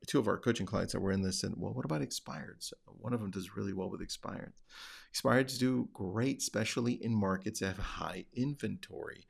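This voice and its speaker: A man's voice: lowish voice, creaky, darkish tone. A middle-aged man hosting a podcast, talking casually as a real estate coach and acting out phone calls in a livelier voice. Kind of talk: casual talk.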